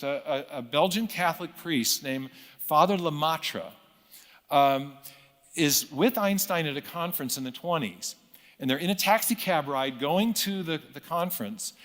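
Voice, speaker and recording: A middle-aged man calmly explaining science history, measured and lecturing, with frequent self-corrections. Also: on the high side, big-room sound. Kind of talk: recorded interview clip, storytelling explanation.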